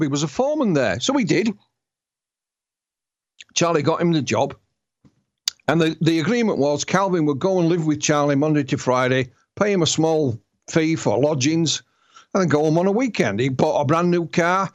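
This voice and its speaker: A man's voice: on the high side, expressive, normal speed. A man with a Yorkshire accent, an author telling stories as a guest in an interview, often restarting his words. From Yorkshire, England. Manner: storytelling, repeats and restarts words. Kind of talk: interview conversation.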